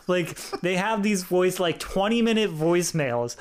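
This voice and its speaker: A man co-hosting a casual podcast, retelling a documentary with animated quotes and frequent laughter. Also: sits high, unhurried. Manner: animated storyteller, acts out quotes, laughs often. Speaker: podcast co-host. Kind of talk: casual chat reviewing a documentary.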